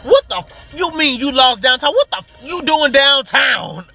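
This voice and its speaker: A man voicing a furious middle-aged mother who yells and swears while scolding her child. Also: high-pitched, very animated, moderate pace, gravelly, faint music behind, voice pushed up, exaggerated voice. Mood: yelling, furious.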